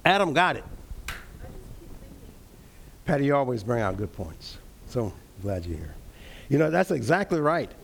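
A man leading an interactive Bible study, teaching earnestly, repeating key phrases and reading verses slowly. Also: mid-range voice, very animated, vocal fry.

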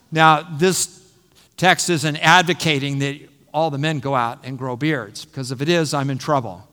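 A man's voice: a little high, steady tone, moderate pace, pushed and bright, in a large hall. A middle-aged man preaching an expository sermon, teaching and repeating phrases for emphasis. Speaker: pastor.

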